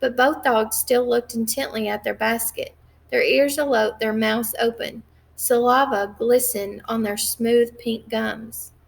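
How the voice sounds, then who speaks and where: A woman reading a novel aloud at a measured pace, with occasional slips and restarts. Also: fairly high pitch, fairly even intonation, vocal fry. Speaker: reader.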